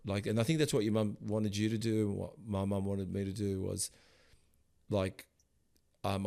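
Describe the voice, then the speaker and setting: A middle-aged man hosting a podcast interview, rambling and emotional, sometimes loud and animated. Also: fairly low pitch, moderate pace, gravelly, pauses often. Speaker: podcast host. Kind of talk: casual interview chat.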